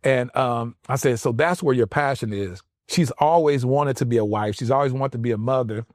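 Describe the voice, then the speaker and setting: A man's voice: mid-range voice, normal speed, dry recording, studio quality. A middle-aged man, a podcast guest telling a story in casual talk and acting out the voices he quotes. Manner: animated, acts out quoted voices.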